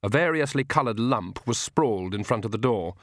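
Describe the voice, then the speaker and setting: A man reads a story aloud in measured, wry scripted narration. His voice sits at a middling pitch, recorded on a close mic with a dry, dead sound. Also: expressive, a bit bright, dry recording. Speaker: audiobook narrator.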